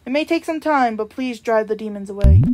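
A woman's voice: a little high, animated, fairly quick, slight background noise, voice pushed down, lightly acted. A woman reading as a polite old reaper. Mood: gentle formal. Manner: gentle, formal reading of game dialogue. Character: old weary reaper guiding a child, polite and principled. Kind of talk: reading game dialogue aloud. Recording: music playing behind.

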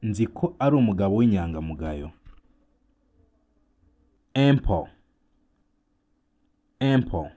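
A man with a Rwandan accent teaching English vocabulary, saying each word twice in a slow, deliberate drill and then translating. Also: on the low side, animated, dark tone.

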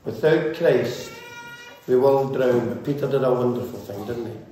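A man's voice: mid-range voice, moderate pace, dark tone, a little hiss or hum. A male pastor preaching a sermon with fervent, repetitive, rhythmic build-ups. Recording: very echoey church hall, faint ambience.

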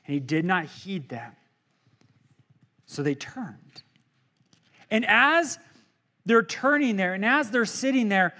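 A male pastor preaching a sermon in a church, animated and jokey, acting out quotes as he goes. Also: sits high.

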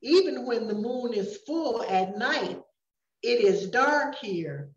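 An older woman voicing a small, kind female fairy in a storybook reading, speaking softly and earnestly. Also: on the high side, animated, slow pace, far from the mic. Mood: gentle. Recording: roomy, dull recording.

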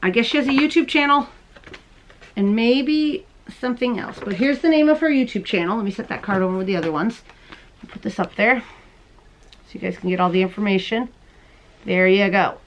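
Woman podcast host, casual and gushing, mid-pitched, faint background hiss, home recording. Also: moderate pace, long pauses, muffled recording. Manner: bubbly, chatty, gushes over small things. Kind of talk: casual chat showing mail and gifts on camera. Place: home, late at night. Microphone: camera she handles while showing items.

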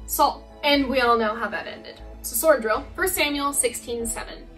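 A woman with a fairly high voice teaches a youth Bible lesson in a casual, playful way. She sounds a little distant from the microphone. Soft music plays underneath. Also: normal speed. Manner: casual, playful, acts out characters.

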